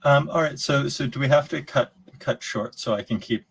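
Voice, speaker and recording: A man's voice: medium pitch, normal speed, creaky, fairly bright tone, breathy edge, poor audio. A man answering questions on a video call in a loose, rambling way, often restarting and repeating words. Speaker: conference speaker answering questions. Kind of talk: casual Q&A chat.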